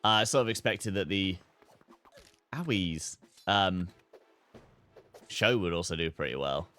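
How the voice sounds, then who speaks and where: A man's voice: low voice, expressive, a little slow, bright, forceful tone, soft background music. A young man streaming a game, chatting casually, swearing freely and breaking into laughter. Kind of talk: live gameplay commentary.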